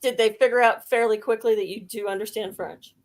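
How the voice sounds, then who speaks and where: A woman's voice: on the high side, steady tone, fairly quick. A woman in casual chat, chiming in with teasing, wry remarks.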